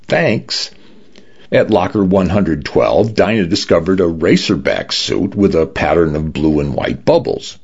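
Deep gravelly male audiobook narrator. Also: moderate pace, few pauses. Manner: expressive storytelling. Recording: dull lo-fi recording.

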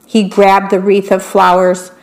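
Slow gentle woman reading bedtime stories. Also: medium pitch, monotone. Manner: gentle, describes the pictures for listeners. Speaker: volunteer radio reader.

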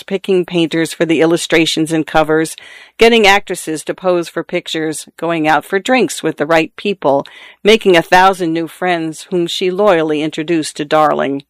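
A man narrating a literary short story in a steady, measured way. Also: on the high side, no room sound.

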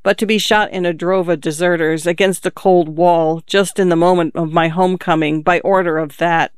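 A boastful young man full of swagger, speaking in sweeping, ornate phrases, as a male reader puts him on. The voice sits high and comes through smooth and clean in a dry, close room. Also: fairly even intonation, normal speed, dry recording, natural voice. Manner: grand, flowery speech.

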